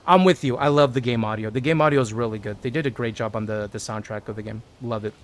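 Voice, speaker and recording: A man's voice: medium pitch, quick pace. A man streaming a video game, chatting casually with his viewers and thinking aloud as he plays. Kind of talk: casual gameplay commentary.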